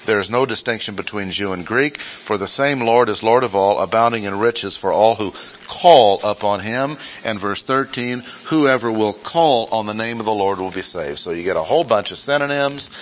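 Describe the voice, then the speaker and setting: A man's voice: on the low side, fairly bright tone, a little hiss or hum, poor audio. A man teaching through a Bible chapter in a sermon, reading verses aloud and stressing key words. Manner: reads scripture aloud, self-correcting asides. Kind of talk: expository sermon.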